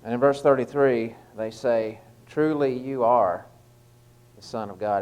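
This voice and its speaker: A man's voice: on the low side, level tone, normal speed, a little mellow, clean tone, rough recording. A man giving an informal evening devotional talk, conversational and stopping often with fillers and restarts. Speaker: lay preacher giving a short devotional.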